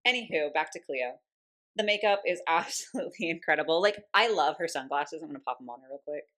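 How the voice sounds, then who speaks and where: A young woman with a low, deep-set voice gushes her way through a casual doll review at home. She talks in a chatty, excitable way, full of "like"s, and often breaks off to coo softly at her cat. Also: fast. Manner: gushing, chatty, many "like"s.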